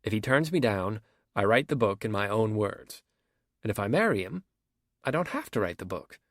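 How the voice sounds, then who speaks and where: A man's voice: on the low side, big pitch swings, normal speed, dry recording, studio quality. A man reading an audiobook, voicing a blunt young woman who talks frankly and teasingly.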